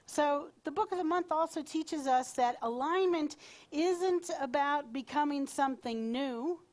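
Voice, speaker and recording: With a high, somewhat mellow voice and a measured pace, a woman minister gives a live sermon to her congregation at a spiritual center service. She talks conversationally and playfully, with asides to the crowd.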